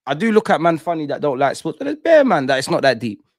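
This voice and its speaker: A man's voice: fairly high pitch, very animated, quick pace, no echo, studio quality. A young man hosting a live fan show, ranting with passion, repeating himself and using slang. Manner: impassioned, repetitive, slangy ranting. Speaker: fan channel host. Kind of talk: emotional fan rant to live stream.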